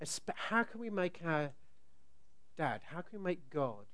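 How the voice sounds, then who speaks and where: Preaching to a church congregation over a microphone, a middle-aged man speaks in a smooth, resonant voice pitched slightly high. He takes his time, telling stories with animated swings and occasionally erupting loudly as he acts out scenes.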